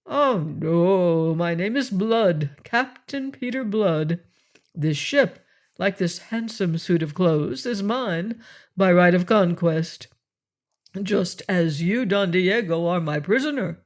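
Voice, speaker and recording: A man voicing a sardonic, self-assured Irish pirate captain who speaks with dry, mocking calm. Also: high-pitched, takes it slowly, exaggerated voice. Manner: dry, mocking, calmly confident.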